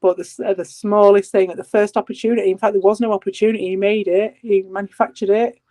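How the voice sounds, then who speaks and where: A man talks in relaxed voice chat, chatty and quick to back others up. His voice is high-pitched. The sound is dry and close, with no room around it. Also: dry recording. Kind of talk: casual voice-chat conversation.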